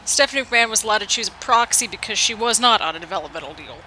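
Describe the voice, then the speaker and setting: A woman's voice: medium pitch, lively intonation, very fast, bright, forceful tone, a little hiss or hum, poor audio. A woman casually commenting play-by-play over a video game at home, rambling and poking fun at her own slip-ups. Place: home apartment.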